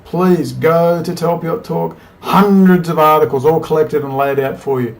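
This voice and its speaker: A man with a fairly high-pitched voice delivers a heated, digressive talk straight into a laptop webcam at home. He urges and exhorts his viewers, then drifts into tired, muttered asides before rallying again. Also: moderate pace, hardly any pauses, a little mellow. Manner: fervent, exhorting, digressive, swings from urgent to weary. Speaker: political video blogger. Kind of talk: impassioned rambling monologue to camera.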